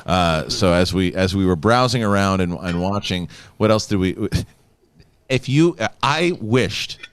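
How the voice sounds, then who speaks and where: Rambling low-voiced man with a Chicago accent. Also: expressive, measured pace, clean tone. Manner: rambling, repeats himself, swears. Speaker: host. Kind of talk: casual panel chat.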